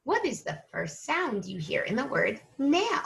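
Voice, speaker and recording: A woman teacher leading an early-reading lesson for young children, slow and patient, stretching out each sound. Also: fairly high pitch, wildly swooping pitch, vocal fry, a bit bright.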